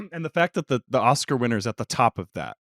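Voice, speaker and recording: A playful young man co-hosts a casual movie podcast, tossing in quick quips. His voice sits at a middle pitch and sounds close and dry, with no room echo. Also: big pitch swings, vocal fry, a bit bright. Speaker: podcast co-host.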